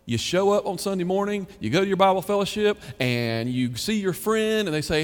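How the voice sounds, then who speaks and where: A man's voice: high voice, fairly quick, few pauses. A man preaching a sermon as pastor, acting out quoted prayers and conversations. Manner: animated, acts out quoted prayers and chatter. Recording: long reverb of a church hall.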